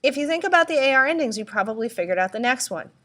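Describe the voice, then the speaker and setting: A woman teacher giving a recorded tutorial, speaking slowly and deliberately, spelling out letters and asking listeners to repeat. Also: sits high, expressive, fairly bright tone, a little hiss or hum. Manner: slow, deliberate, spells out letters and prompts repetition. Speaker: Spanish teacher.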